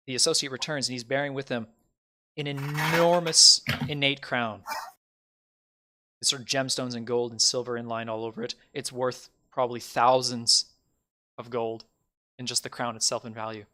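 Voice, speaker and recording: A man's voice: medium pitch, flat delivery, normal speed, bright, forceful tone. A man narrating a tabletop game as game master in a casual, loose way. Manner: casual narration with fillers, swearing.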